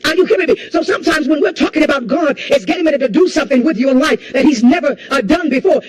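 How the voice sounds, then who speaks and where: A woman's voice: sits high, rapid-fire, hardly any pauses, low-quality recording. Impassioned woman preacher, repeating lines. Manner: impassioned, repeats lines and asks the crowd if they hear her; rises to shouts and a crying tone at peaks. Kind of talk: sermon.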